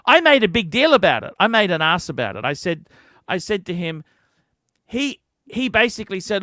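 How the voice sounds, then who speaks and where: High, bright-voiced man ranting. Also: lively intonation, a little fast, no room sound, clean studio sound. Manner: heated, profane, storytelling rant. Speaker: livestream host. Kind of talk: ranting livestream chat.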